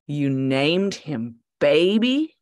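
A woman voicing a gruff, scornful male security guard who speaks in a flat growl during a book reading. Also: rumbling low, slow, no room sound, pitched below the performer's own voice, exaggerated voice.

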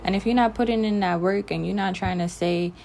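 A woman's voice: medium pitch, steady tone, a little fast, gravelly, a little mellow, slight background noise. A young woman ranting bluntly and emphatically to the camera in a casual vlog. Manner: blunt, emphatic, talks straight to the listener. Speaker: vlogger.

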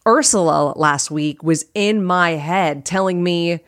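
A woman's voice: fairly low pitch, slow, few pauses, no room sound, studio quality. A woman hosting her own podcast as a life coach, talking earnestly and casually, often repeating phrases for emphasis. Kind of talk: casual solo podcast talk.

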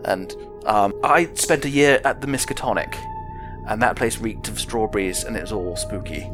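A man playing a tabletop game, delivering a mock-ominous deadpan bit. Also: lowish voice, moderate pace. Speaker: player. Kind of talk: casual tabletop game chat. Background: music.

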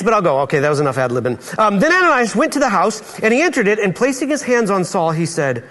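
A man's voice: sits high, big pitch swings, fast talker, a bit bright. A male pastor preaching a sermon in a church, playful and acting out Bible dialogue in different voices.

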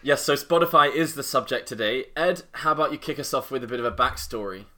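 A man's voice: mid-range voice, fast talker, sharp tone. A man co-hosting a podcast, chatting casually with teasing banter. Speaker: podcast co-host. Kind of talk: casual chat.

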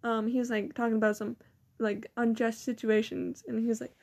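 Giggly high-voiced teen girl rambling. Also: little pitch movement, fairly quick, creaky, darkish tone. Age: teens. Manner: rambling, giggly, quotes people in mocking voices. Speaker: student vlogger. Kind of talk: casual chat.

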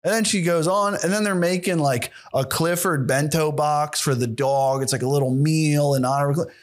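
A man's voice: on the high side, moderate pace. A young man hosting a solo podcast, rambling and sarcastic with plenty of swearing. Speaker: podcast host.

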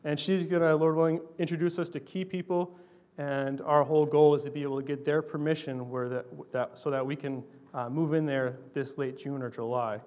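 A man's voice: fairly high pitch, fairly even intonation, normal speed, darkish tone. A young adult man giving a casual missionary talk to a congregation, telling stories in a conversational, earnest way with fillers. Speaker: missionary speaking to a church.

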